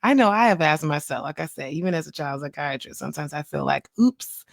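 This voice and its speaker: A chatty woman in her thirties talks straight into a close mic, her voice sitting a little low for a woman. She is animated and laughs easily as she hosts her own podcast. The sound is dry, with no room around it. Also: fast, vocal fry, dry recording. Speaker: podcast host, child psychiatrist. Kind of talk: casual solo podcast talk.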